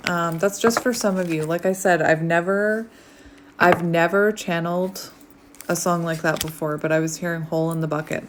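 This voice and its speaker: A woman giving a casual tarot reading, rambling and chatty with many fillers, sometimes dropping to a soft near-whisper. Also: lowish voice, fairly even intonation, normal speed, background noise. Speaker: tarot reader. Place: home, outdoors light fading.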